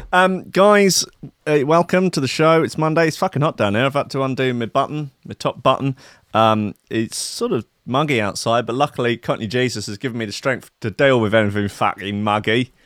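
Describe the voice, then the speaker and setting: A man's voice: medium pitch, moderate pace, fairly bright tone, dry recording, studio quality. A man hosting a show, chatting in a rambling, profane, joking way. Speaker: show host. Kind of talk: casual chat.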